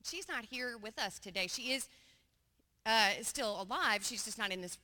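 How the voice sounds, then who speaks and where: A woman's voice: a little high, lively intonation, normal speed, pushed and bright. A woman speaking as a guest at a conference, friendly and conversational with some hesitations. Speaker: guest speaker, senior director. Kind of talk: conference talk. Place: large conference hall. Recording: long hall reverb.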